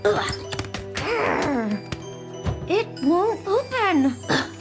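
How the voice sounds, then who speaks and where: A mischievous little girl who sings and tinkers as she goes. Her voice is very high, slow and bouncy. It is game audio with clear music underneath. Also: big pitch swings, exaggerated voice. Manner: playful, singsong. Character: mischievous young girl who opens things.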